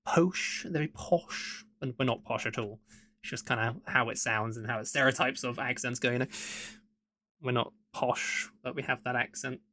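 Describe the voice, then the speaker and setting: A man's voice: mid-range voice, flat delivery, normal speed, pushed and bright, dry recording. A man with an English Midlands accent chatting casually and rambling while he draws on a live stream, chuckling often. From England. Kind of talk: casual chat while drawing.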